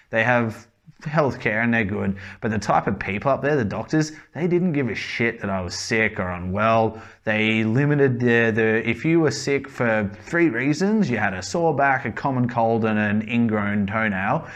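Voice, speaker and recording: A man's voice: fairly low pitch, fairly bright tone. An Australian man giving blunt, casual opinions and swearing freely.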